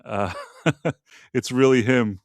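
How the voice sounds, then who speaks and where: A man's voice: medium pitch, slow. A man hosting a casual live-streamed talk show, giving blunt, opinionated takes with some profanity as he rambles from topic to topic. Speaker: podcast host.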